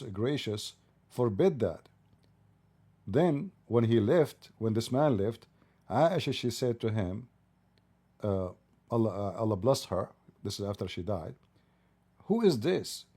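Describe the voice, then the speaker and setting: Guy hosting a debate stream, dark mellow voice, mocking and sarcastic. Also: mid-range voice, slightly rough. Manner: mocking, sarcastic, heated and rising. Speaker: debate host. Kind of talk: live-streamed religious debate.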